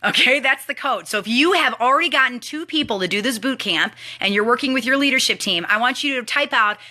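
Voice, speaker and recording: Speaking quickly in a fairly high voice, a young woman hosts a live team training stream. Her casual chat is lively and directed at the viewers.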